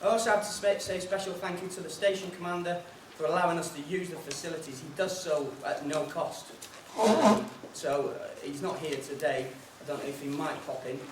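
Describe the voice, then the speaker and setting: A man's voice: a little high, fairly quick. A man hosting a seminar, telling an anecdotal joke and giving housekeeping notes in a chatty storytelling way. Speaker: seminar organiser and host. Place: conference room on an air base. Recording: roomy hall from far off, noisy.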